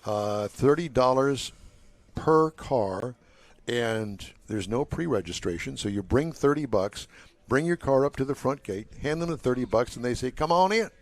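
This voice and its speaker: An older man hosts a live talk show from an outdoor waterfront car show, chatting and joking with his co-hosts. His mid-range voice has lively intonation and a slightly slow pace, recorded dry.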